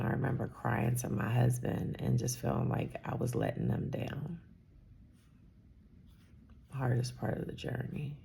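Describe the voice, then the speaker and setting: A woman's voice: rumbling low, vocal fry, warm tone, slight background noise. A woman in her fifties, a salon owner, talking candidly and rambling a little in a personal vlog, sometimes dropping to a whisper. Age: 50s.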